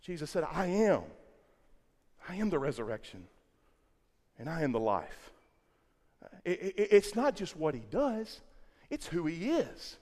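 A pastor preaching an Easter sermon, swinging from hushed lines to loud, repeating phrases for emphasis. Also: male voice, a little high, very animated, measured pace, pauses often, long reverb tail. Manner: impassioned, swinging from quiet to loud, repeating words. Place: church sanctuary.

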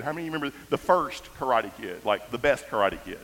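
A man preaching an animated storytelling sermon, swinging between loud exclamations and quiet asides, in a large church hall. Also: medium pitch, fairly quick, few pauses. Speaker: pastor. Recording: echoey hall.

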